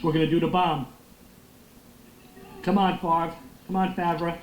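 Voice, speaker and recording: A young man giving loud, excitable, profane commentary while playing a football video game. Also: fairly high pitch, a little slow. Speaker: gaming streamer. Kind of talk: live gameplay commentary. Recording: echoey room with faint noise.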